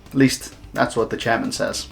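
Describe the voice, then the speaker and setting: A man's voice: lowish voice, fairly even intonation, normal speed, creaky, faint music behind. A man hosting a refereeing round-up show, talking casually with jokey, self-deprecating humour. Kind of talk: casual comedic monologue.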